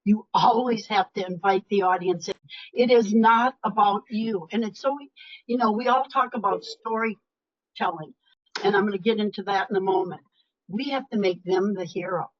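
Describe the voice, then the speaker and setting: An older woman coach giving a live webinar talk, animated and emphatic, often dropping her voice low or to a whisper for effect. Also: moderate pace. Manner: animated, emphatic, varies loudness, drops to whispers. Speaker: speaker and leadership coach. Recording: dull lo-fi webinar audio.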